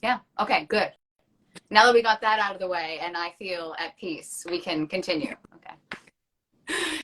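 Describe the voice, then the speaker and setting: A bubbly woman hosts a casual live-stream chat, her voice rising and falling in a lively, animated way. She is chatty and effusive, speaking over a phone or computer mic. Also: on the low side, measured pace. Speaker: host. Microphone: phone or computer mic on a social media live.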